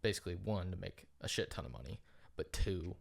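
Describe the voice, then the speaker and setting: Rambling low-voiced podcast guy. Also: animated, brisk, vocal fry. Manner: rambling storyteller, heavy "like" fillers, casual swearing. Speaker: podcast co-host. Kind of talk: casual chat.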